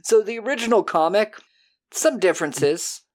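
Brief: casual podcast host, mid-pitched, lively recap with quick put-on voices, swears freely. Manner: animated retelling with quick put-on character voices, profane.

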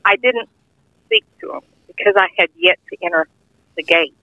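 A woman's voice: fairly high pitch, sing-song, moderate pace, gravelly, bright, forceful tone, dry recording. Older woman telling testimony over the phone. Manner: earnest, heartfelt, informal grammar. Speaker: guest sharing a testimony. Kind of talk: personal testimony storytelling. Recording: tinny phone-line audio, dry.

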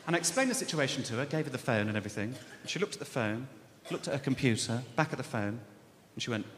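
A man with a Birmingham accent telling a stand-up story, animated and exasperated. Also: mid-range voice, fast. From England. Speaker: comedian. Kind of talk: stand-up comedy. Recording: live hall with audience noise. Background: audience laughter.

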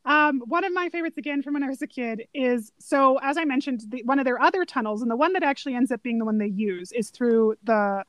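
A woman chatting casually about a favorite movie, animated and laughing often as she quotes lines. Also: high-pitched, fast talker, few pauses, dry recording.

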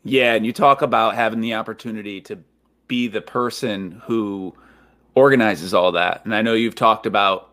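A man's voice: on the low side, fairly bright tone, dry recording. A man hosting a casual podcast interview, asking encouraging questions. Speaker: podcast host.

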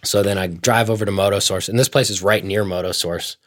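A man telling a long story in casual chat, animated and profane, swearing often. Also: sits low, brisk, no echo, studio quality.

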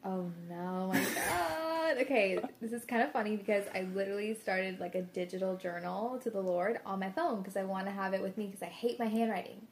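A woman's voice: mid-range voice, steady tone, brisk, few pauses, a little mellow. Giggly woman guest, faint room hiss. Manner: bashful, laughs often. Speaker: podcast guest. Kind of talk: casual chat.

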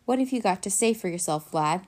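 A woman's voice: medium pitch, expressive, fairly quick, darkish tone, close to an everyday voice. A woman voicing a pompous vampire father who roars commands. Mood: stern. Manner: roaring, commanding.

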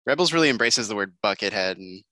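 A man co-hosting a podcast in relaxed, agreeable casual chat. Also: on the low side, fast talker, dry recording. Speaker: podcast co-host.

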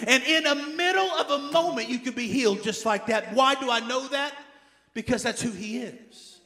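A man preaching a sermon as pastor, emphatic, repeating key phrases and swinging between loud urging and quiet asides. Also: very high-pitched, normal speed.

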